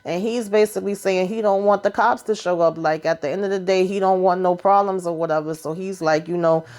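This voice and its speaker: A woman's voice: fairly low pitch, steady tone, brisk, a little mellow. A woman giving a casual, sassy recap of a reality TV episode, full of chatty asides.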